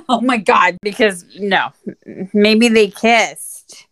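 A woman's voice: medium pitch, takes it slowly, a bit bright. A woman co-hosting a podcast, chatting casually about a movie with short reactions and quips. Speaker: podcast co-host. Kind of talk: casual movie recap chat.

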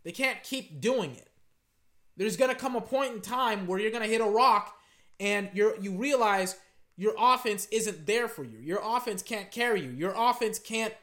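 Guy at home yelling at a football game into his desk mic, bright sharp voice, swears a lot. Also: sits high, normal speed. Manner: animated, ranting, swears casually. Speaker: sports commentator. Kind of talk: casual live game commentary. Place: home living room. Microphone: desk microphone at home.

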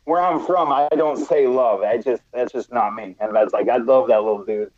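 A man's voice: mid-range voice, normal speed, darkish tone. A man in casual chat as a podcast guest, blunt and profane, talking in a laid-back way. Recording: dull lo-fi sound.

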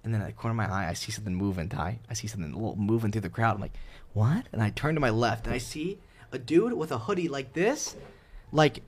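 A man's voice: lowish voice, animated, fast talker. A young man co-hosting a casual sports podcast, telling stories animatedly and laughing often. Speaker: podcast co-host. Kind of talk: casual chat.

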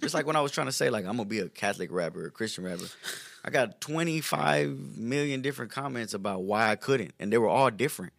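Brief: quick-talking man, blunt and sarcastic podcast guest, gravelly low voice. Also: expressive, fairly bright tone, no room sound, studio quality. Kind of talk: casual podcast chat.

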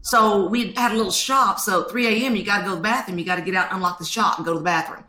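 Bright, animated woman storyteller. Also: medium pitch, quick pace, echoey room. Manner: animated storytelling, acts out quotes. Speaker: guest author. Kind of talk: podcast interview.

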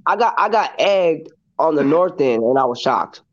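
A young man telling a story in casual group chat, animated and repetitive, often saying "listen" and "bro". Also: a little high, moderate pace, lo-fi sound.

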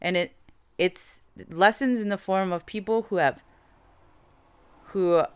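A woman co-hosting a podcast, telling animated stories with plenty of laughter in casual chat. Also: medium pitch, slow, clear, resonant tone, no room sound. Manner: animated storytelling, laughing often. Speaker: podcast co-host.

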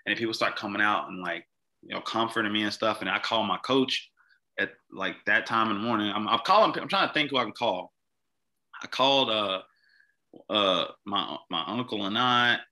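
A young man from Mississippi, appearing as a podcast guest, tells a personal story haltingly, often repeating words and starting over. His voice is lowish, pushed and bright.

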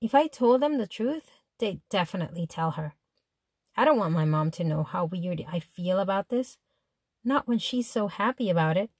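A woman's voice: mid-range voice, moderate pace, no room sound, studio quality. Woman narrating a teen diary. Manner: chatty, exasperated, animated. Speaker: audiobook narrator. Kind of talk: first-person diary narration as a teen girl.

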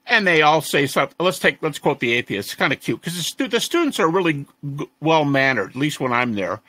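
A man being interviewed as a scholar, telling stories in a lively conversational way and mimicking the people he quotes. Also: on the high side, fairly quick, dry recording. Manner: animated, mimics the voices of students he quotes. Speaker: interview guest, resurrection scholar. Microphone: audio-only interview recording.

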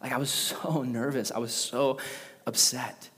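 A man's voice: medium pitch, unhurried, breathy edge. Man preaching in a reverberant hall. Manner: animated preaching, conversational asides. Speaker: pastor. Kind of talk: sermon.

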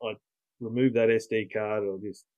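A man's voice: lowish voice, fairly even intonation, moderate pace, phone-quality sound. A man co-hosting a podcast in casual chat, blunt and opinionated, swearing freely. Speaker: podcast co-host.

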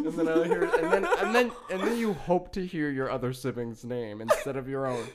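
A man's voice: medium pitch, a little fast, hardly any pauses, over a noisy crowd. A young man co-hosting a podcast, telling a story in casual chat, laughing and swearing often, with many restarts. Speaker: podcast co-host.

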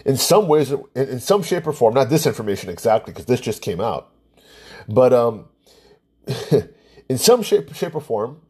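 A man's voice: medium pitch, darkish tone, husky. A man giving a casual, rambling opinion monologue, scoffing and sarcastic, often restarting his sentences. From Hawaii. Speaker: commentator.

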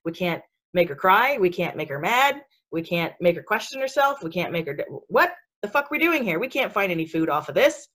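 A woman's voice: fairly low pitch, big pitch swings, a little fast, hardly any pauses, a bit bright. A woman voicing crude grumbling spirits. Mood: frustrated. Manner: crude, whiny complaining. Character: exasperated grumbling pack of spirit entities.

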